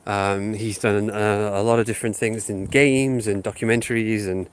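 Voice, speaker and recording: Sniffling from a sinus infection, a channel host talks casually to viewers on his phone while walking his dog outdoors around a housing estate, wandering off topic with lots of ums. His voice is lowish and fairly even in intonation, at a moderate pace, with a clean tone.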